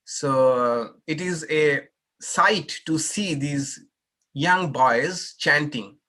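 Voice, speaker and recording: A man's voice: medium pitch, pushed and bright. A man, a monk, teaching a scripture class in a patient, explanatory way and inviting questions and corrections. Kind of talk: unhurried scripture class talk with Q&A.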